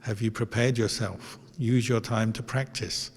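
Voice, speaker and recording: A man, a Buddhist monk giving a calm, gentle dharma talk through stories. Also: medium pitch, unhurried, breathy edge. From Australia. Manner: calm, gentle anecdotal telling with fillers. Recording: long reverb, hall.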